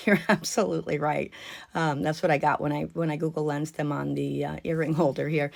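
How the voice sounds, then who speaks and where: A woman's voice: sits low, vocal fry, a little mellow. A woman chatting casually to her viewers as she unboxes and shows off jewelry at home, gushing over the pieces.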